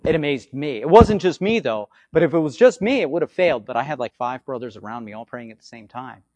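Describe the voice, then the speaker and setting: A man with a slightly hoarse voice, giving an informal teaching on faith healing, swinging between loud bursts and low asides and often checking in with "okay?". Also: lively intonation, fast, no room sound, dull audio. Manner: repetitive, conversational, frequent "okay?" check-ins. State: hoarse from frequent yelling.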